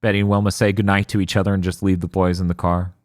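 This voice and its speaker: Man, podcast co-host, low voice, dry sound, sardonic recaps with bits of character voices. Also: level tone, fast, dry recording. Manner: sardonic, acts out characters' lines while recapping. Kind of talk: casual podcast chat.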